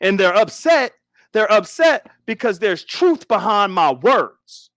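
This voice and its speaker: A man streaming on YouTube with a high voice, ranting sarcastically and repeating himself. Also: very animated, takes it slowly, fairly bright tone, dry recording.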